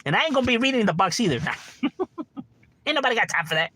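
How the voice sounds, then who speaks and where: Animated, swearing middle-aged man ranting. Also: very high voice, brisk, slightly rough. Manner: profane, animated, says "bro" constantly. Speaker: game streamer. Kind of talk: casual livestream rant. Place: at home.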